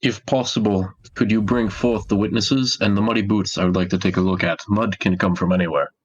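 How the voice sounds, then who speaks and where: A man plays a tabletop game and speaks formally in character. His voice sits very low. The recording is dull and lo-fi. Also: fairly even intonation, brisk, a little hiss or hum. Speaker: player.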